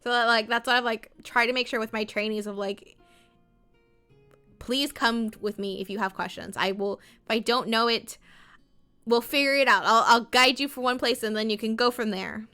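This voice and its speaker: Woman streamer, bright and slightly high, rambling casual chat, quotes herself in little voices. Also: moderate pace, clean tone, faint music behind. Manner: chatty and rambling, often acts out her own and others' words. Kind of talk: casual chat while livestreaming a game.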